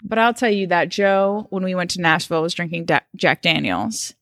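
A woman co-hosting a podcast, chatting casually and telling stories in an animated, chatty way. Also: on the low side, normal speed, no echo, studio quality. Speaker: podcast co-host. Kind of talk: casual chat.

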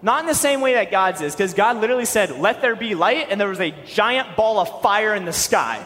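Young man, preacher, high voice, animated delivery, long hall reverb. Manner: animated, fast-talking, joking asides. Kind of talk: sermon.

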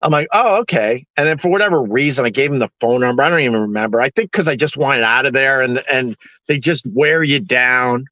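A man's voice: medium pitch, brisk, sharp tone, dry recording, muffled recording. A man hosting a live stream, ranting with sarcastic exasperation to the people watching.

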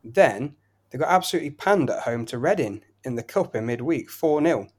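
A man's voice: mid-range voice, animated, normal speed, husky. A man co-hosting a betting podcast, giving football picks and reeling off results and prices in flowing runs. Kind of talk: casual betting tips chat.

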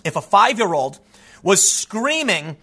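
High, animated man ranting. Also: takes it slowly, breathy edge. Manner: emphatic, combative, casual asides like "man". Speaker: political commentator. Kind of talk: ranting commentary.

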